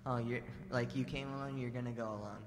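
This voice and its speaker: A man's voice: mid-range voice, fairly even intonation, fast talker, slight background noise. A man telling a spiritual story to a temple assembly in a casual way, full of fillers and restarts. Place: large temple assembly hall. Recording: long reverb hall.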